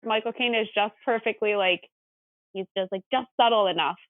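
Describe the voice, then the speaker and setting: A woman guest in a casual podcast chat, chatty and quick to laugh, saying "like" often. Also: medium pitch, dry recording. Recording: tinny phone-like line.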